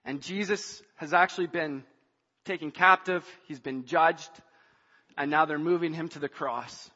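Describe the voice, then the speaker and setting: High-voiced male preacher in a reverberant hall. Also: a little slow. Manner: swings from hushed reading to shouted emphasis. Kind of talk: sermon. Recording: dull sound, long hall reverb, faint music.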